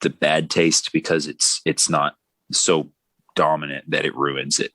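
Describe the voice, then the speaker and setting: A man's voice: extremely low pitch, unhurried, no room sound. A man hosting a podcast, chatting casually and rambling with jokes. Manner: rambling and joking, lively ups and downs. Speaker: podcast host. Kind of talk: casual chat.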